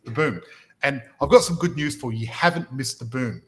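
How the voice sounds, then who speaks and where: A little hiss or hum runs through this low-quality recording of a man with a mid-range voice talking a little fast. He's a property mentor hosting a motivational podcast, energetically telling stories and restarting sentences with repeated words.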